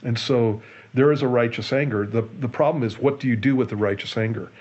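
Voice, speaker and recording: A man, a pastor, explaining a Bible passage in a relaxed Q&A show, earnest and often restarting and repeating his words. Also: medium pitch, brisk, husky, muffled recording. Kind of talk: conversational Bible teaching in a Q&A show.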